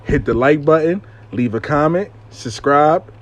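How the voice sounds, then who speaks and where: Male host, casual storytime, animated and profane, slightly high voice. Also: unhurried. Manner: animated, profane, repeats "I lie to you not".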